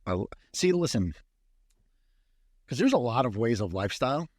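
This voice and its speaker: Co-hosting a podcast, this man rambles through casual chat with restarts and plenty of swearing. His mid-range voice is sing-song and darkish, at a moderate pace, recorded in studio quality without room sound.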